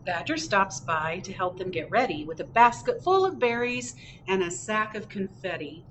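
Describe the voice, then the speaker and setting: A woman librarian reading picture books aloud at storytime, expressive, with chatty asides in a public library. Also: medium pitch, normal speed, slight background noise, poor audio. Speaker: children's librarian. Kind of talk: picture book read-aloud.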